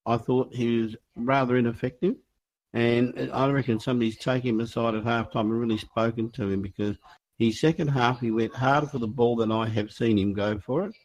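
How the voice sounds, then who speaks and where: A man on a football podcast panel, opinionated and deliberate. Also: mid-range voice, steady tone, darkish tone, low-quality recording. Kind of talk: casual football chat.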